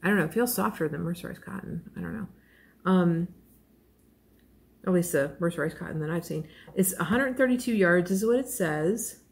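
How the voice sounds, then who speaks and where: A woman's voice: fairly low pitch, moderate pace, gravelly. A woman vlogger chatting casually while unboxing a crochet kit, gushing and self-deprecating, rambling with fillers and small laughs.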